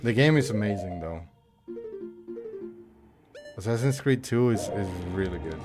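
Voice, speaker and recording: A man's voice: on the low side, expressive, a little slow, over music. A man from Mexico chatting casually while streaming a game, rambling with many fillers and restarts. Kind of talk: casual chat while gaming.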